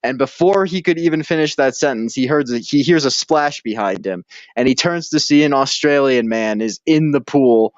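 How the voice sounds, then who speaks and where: A man's voice: mid-range voice, normal speed, no echo. Laid-back man on a dull, dry mic. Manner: laid-back, laughs often, rambling storyteller. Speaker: podcast co-host. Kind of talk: casual chat.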